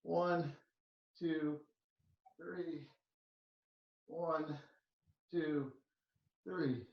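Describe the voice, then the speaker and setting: A male fitness instructor counting slow exercise reps and joking between counts. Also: a little high, steady tone, echoey room, recorded from a distance, dull audio. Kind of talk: counting reps in a workout class.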